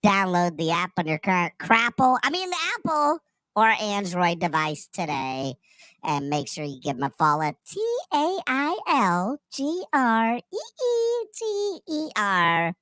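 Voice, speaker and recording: A man putting on the voice of a tiny, eerie old woman psychic medium, speaking slowly and theatrically as a comic character reading an ad. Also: high-pitched, wildly swooping pitch, pushed and bright, clean tone, no echo, pitched above the performer's own voice, exaggerated voice. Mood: drawling eerie. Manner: slow, drawn-out, theatrical.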